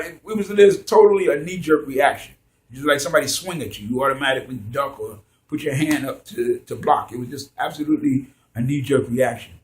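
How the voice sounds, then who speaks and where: A man telling a story in a casual, lively way, acting out the scenes as he goes. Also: fairly high pitch.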